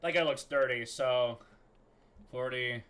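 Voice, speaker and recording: A man's voice: medium pitch, takes it slowly, a bit bright, clear, resonant tone. A man casually commenting on a game as he plays, blunt, profane and joking. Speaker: streamer reacting to a game.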